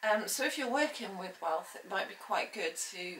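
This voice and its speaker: A woman giving an informal spoken lesson, explaining things at an unhurried pace with frequent hesitant ums. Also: medium pitch, lively intonation, fairly bright tone, slight background noise. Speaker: witchcraft teacher. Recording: roomy echo, faint ambience.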